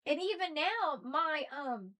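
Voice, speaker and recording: A high-pitched woman with a mixed Southern and Northern American accent delivers a preachy rant to camera. Her volume lurches from near-shouted outbursts to quiet, dropped asides. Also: animated, slow. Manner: ranting, preachy, swings between loud and soft. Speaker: spiritual video host. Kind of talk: impassioned monologue.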